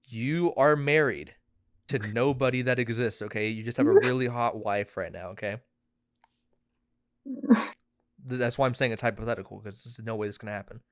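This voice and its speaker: A young man co-hosting a podcast, spinning a long profane hypothetical between fits of laughter and sudden shouts. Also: mid-range voice, moderate pace, pauses often, clear, resonant tone, dry recording, clean studio sound. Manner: rambling, profane, laughing storyteller who shouts when interrupted. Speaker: podcast co-host. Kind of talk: casual chat.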